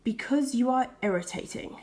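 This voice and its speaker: A fed-up teenage big sister from a storybook, as a woman reading aloud puts her on. She snaps back quickly in a high voice, short on patience. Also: darkish tone, natural voice. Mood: snappish. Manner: snappish, quick.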